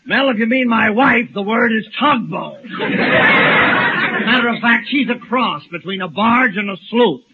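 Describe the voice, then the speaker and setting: An actor playing a gloomy, henpecked middle-aged lodge president who grumbles in mournful wisecracks, in 1940s radio sitcom style. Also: male voice, extremely high pitch, animated, unhurried. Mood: glum. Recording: tinny old radio broadcast, loud hiss, studio audience.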